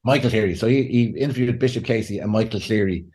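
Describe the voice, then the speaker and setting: A man, a pastor and counselor, talking as a podcast guest in a lively way, often laughing and acting out what people say. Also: lowish voice, quick pace. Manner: animated, laughs often, acts out quotes. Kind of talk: conversational podcast interview.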